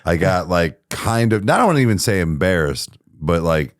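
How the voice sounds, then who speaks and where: A young man co-hosting a podcast, telling a story about a night out with a lively, swooping pitch. His voice sits fairly low, and he swears freely as he acts out his own outbursts. The mic is close and dry. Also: moderate pace, no room sound. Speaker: podcast co-host. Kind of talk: casual chat.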